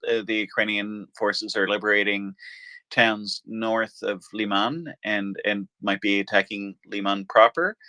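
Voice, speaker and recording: A man hosting a casual online chat, asking questions hesitantly with many pauses to find his words. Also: on the low side, pushed and bright, no room sound, poor audio.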